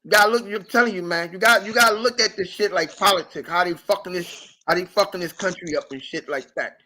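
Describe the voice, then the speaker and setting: A man hosting a casual podcast, ranting in an animated, profane, repetitive way. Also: sits high, quick pace. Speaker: podcast host.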